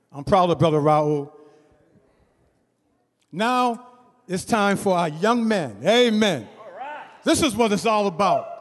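High-voiced man hosting a church service. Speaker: youth minister. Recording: reverberant church hall with crowd.

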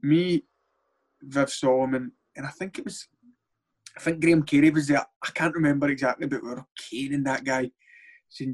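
A man's voice: medium pitch, fairly even intonation, normal speed. A Scottish former footballer chats bluntly and at length, swearing as he goes. His voice sits in the middle of the range, and he rambles through his stories in a loose, casual way. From Scotland. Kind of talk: casual podcast chat.

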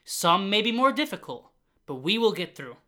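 Bright-voiced, earnest motivational podcast man. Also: high voice, big pitch swings, normal speed. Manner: earnest and uplifting, repeats phrases for emphasis; grows loud and fired up at times. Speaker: podcast host.

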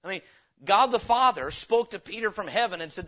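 A man preaching a sermon as pastor, reading scripture slowly and breaking into sudden loud, emphatic bursts. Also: high voice, lively intonation, muffled recording.

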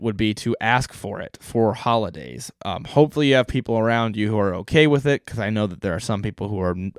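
Male podcast host, low and smooth, dry close sound, relaxed chatty delivery. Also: dry recording. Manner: chatty, self-correcting, lightly joking. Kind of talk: casual solo podcast talk.

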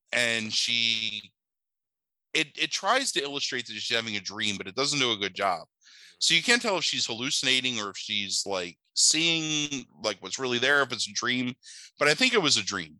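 A man's voice: mid-range voice, bright, forceful tone, dry recording, rough recording. A man casually recapping a bad movie, rambling, swearing and disbelieving, with many filler "like"s. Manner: rambling, profane and incredulous, heavy on "like".

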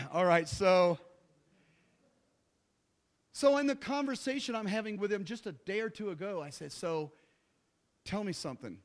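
A middle-aged man preaching a sermon, telling a story with jokey asides and acting out what people said. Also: on the high side. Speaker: pastor.

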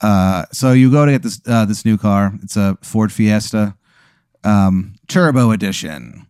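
A man spinning an improvised comic scenario in second person, rambling with many fillers in a deadpan way. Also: fairly low pitch, a little slow, clean tone, dry recording, clean studio sound. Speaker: host running an improvised scenario. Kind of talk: casual comedic storytelling.

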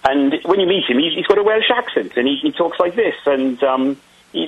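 Husky man, halting interview answers. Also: on the high side, animated, narrow, tinny audio. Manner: hesitant, many restarts and ums. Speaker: film director being interviewed.

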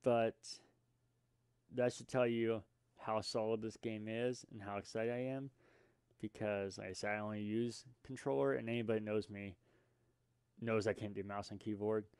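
A man's voice: lowish voice, level tone, moderate pace, a little mellow, clear, resonant tone, no room sound, clean studio sound. A young man hosting a casual solo podcast, rambling and self-deprecating with lots of fillers and restarts. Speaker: podcast host.

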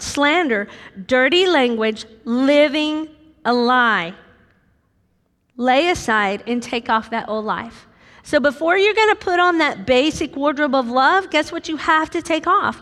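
A middle-aged American woman preaching a sermon, animated and acting out voices with sudden high squeaks. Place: large church hall. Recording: long hall reverb.

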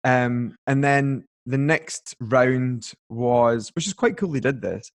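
This young man takes his time, his mid-range voice unhurried as he recounts a long story from his own life as a guest in an informal chat. Fillers crop up constantly, and he acts out the lines he quotes in a talkative way.

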